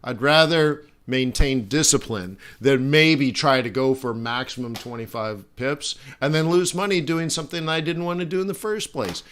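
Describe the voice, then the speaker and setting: A man's voice: medium pitch, normal speed, few pauses, a bit bright. A middle-aged man hosting a live trading stream, talking casually with rambling asides and restarts. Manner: rambling, chatty, many fillers and restarts. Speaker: forex trading stream host.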